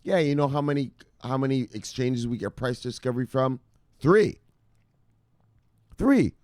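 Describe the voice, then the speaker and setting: A man hosting a crypto news show, ranting with heavy swearing, jumping between loud outbursts and low mutters. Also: little pitch movement, brisk, smooth, dry recording, clean studio sound. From United States. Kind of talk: profane animated ranting commentary.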